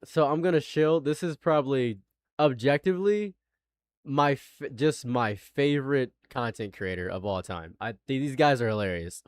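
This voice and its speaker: A man's voice: medium pitch, moderate pace, smooth, no echo. Man, live-stream commentary, stammering, exasperated, dry sound. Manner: laughing, stammering restarts, rising to exasperated rants.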